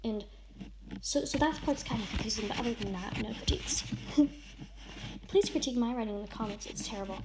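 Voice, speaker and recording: A woman with a high voice reads a friend's story aloud in an over-the-top, melodramatic way, breaking off for casual remarks. The recording has a steady layer of noise under her voice. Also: fairly quick, pauses often. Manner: over-the-top dramatic reading, shouts and sobs in the big lines. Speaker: vlogger reading a friend's writing.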